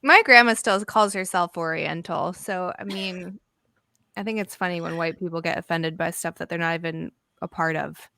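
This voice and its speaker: Gravelly, sharp-toned woman speaking bluntly. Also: fairly low pitch, fairly even intonation, normal speed, no echo, studio quality. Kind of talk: casual chat.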